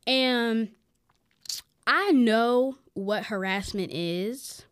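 A young adult woman co-hosting a podcast, telling a story in casual chat, animated and full of "like", acting out what people said. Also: fairly high pitch, extremely slow, clean tone, no echo, clean studio sound. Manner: animated, chatty, full of "like" and acted-out quotes. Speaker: podcast co-host.

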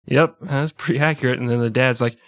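Dude co-hosting a podcast, dry close sound, swears and riffs on stuff. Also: male voice, mid-range voice, fairly even intonation, fairly quick, dry recording. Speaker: podcast co-host. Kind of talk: casual banter.

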